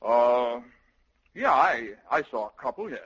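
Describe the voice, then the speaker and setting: An actor playing a sly, bossy army colonel who gives hushed, brisk orders, in vintage radio comedy acting. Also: male voice, mid-range voice, lively intonation, slightly rough. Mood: scheming. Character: sly, scheming male army colonel, middle-aged. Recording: lo-fi old radio recording.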